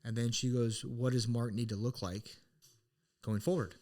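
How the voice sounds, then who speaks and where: This co-host of a podcast, a middle-aged man, has a medium-pitched, slightly mellow voice, fairly even intonation and a moderate pace. Earnest and reflective, he recounts a personal story in a laid-back manner, restarting often.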